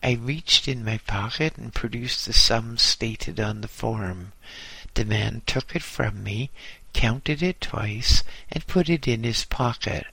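A man narrating a memoir in a measured, precise reading. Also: medium pitch, creaky, sharp tone, slightly rough, dry recording. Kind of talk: audiobook narration.

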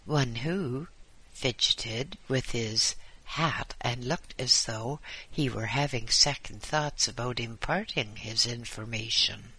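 A man reading an audiobook aloud as its narrator, in a measured, deliberate way. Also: medium pitch, bright, forceful tone, slightly rough. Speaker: audiobook reader. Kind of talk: scripted narration.

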